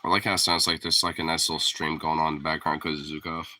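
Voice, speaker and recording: A man's voice: little pitch movement, quick pace, pushed and bright. A man chatting casually to the camera and his dog, rambling, laughing and swearing freely. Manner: talks to his dog in a pitched-up teasing voice. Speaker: pet owner vlogger. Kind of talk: casual chat.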